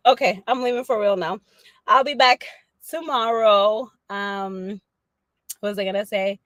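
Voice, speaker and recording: A woman chatting casually on a livestream, animated and slangy, laughing often as she talks to her viewers. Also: mid-range voice, measured pace, no room sound. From Dominican family background. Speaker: livestream host.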